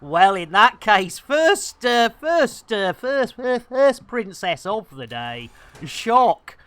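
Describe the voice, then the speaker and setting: A woman's voice: fairly high pitch, sing-song, slow, fairly bright tone, dry recording. A woman chatting playfully and giggling with viewers on a live game stream, speaking into a headset.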